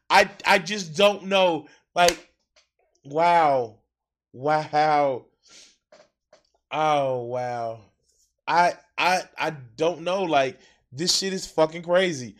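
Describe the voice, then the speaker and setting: A man's voice: a little high, extremely slow, long pauses. A man hosting a reaction video, talking casually with profane, exasperated outbursts.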